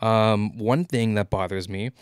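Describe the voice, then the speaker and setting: A man co-hosting a podcast in casual chat, talking fast and stammering, animated and swearing freely. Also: fairly low pitch, clean tone, no echo, clean studio sound. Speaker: podcast co-host.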